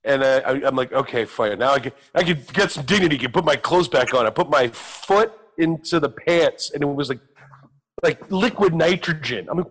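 A man's voice: a little high, lively intonation, normal speed, a bit bright, husky. A middle-aged man casually telling a self-mocking, profane story on a talk show, acting out the other people's lines. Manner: profane, self-mocking, acts out quoted voices.

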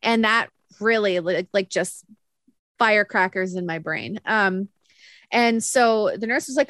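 A young woman telling a story on a podcast, animated and laughing often as she acts out what others said. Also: mid-range voice, unhurried, no room sound. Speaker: podcast co-host. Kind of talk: casual storytelling chat.

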